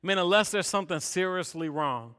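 A young man preaching a sermon, chatty and energetic, tossing in "man" and "all right?" as he tells stories. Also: high voice, brisk, smooth. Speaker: pastor. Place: church sanctuary. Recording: long reverb of a church hall.

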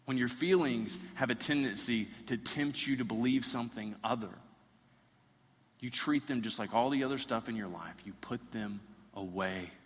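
A pastor with a medium-pitched, slightly breathy voice preaches a sermon at normal speed, building intensity through repeated phrases and acted-out quotes. A large hall gives the recording a long reverb.

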